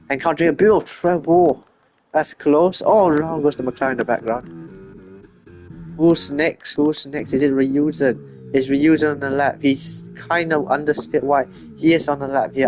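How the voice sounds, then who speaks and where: Male race caller, average-pitched voice, rapid self-correcting commentary over faint background music. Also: a little mellow. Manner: quick, chatty, corrects himself often. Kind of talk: live sim racing commentary.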